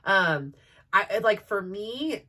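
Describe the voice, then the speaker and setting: A woman's voice: medium pitch, lively intonation, extremely slow, pushed and bright, far from the mic. A woman telling personal stories in a chatty way, laughing often and filling with "like". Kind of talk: personal storytelling.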